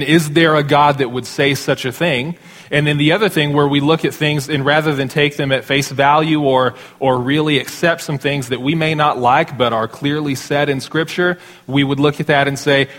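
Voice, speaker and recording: Conversational preacher in a reverberant hall. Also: male voice, on the high side, fairly even intonation, a bit bright. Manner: conversational, self-deprecating preaching with quick asides. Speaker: pastor. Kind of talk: sermon. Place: church sanctuary.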